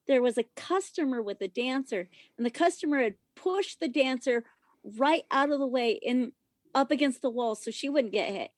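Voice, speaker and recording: High-voiced woman telling a wild story. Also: no room sound, clean studio sound. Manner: animated, profane, loud when quoting herself. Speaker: podcast guest, former stripper. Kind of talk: casual storytelling.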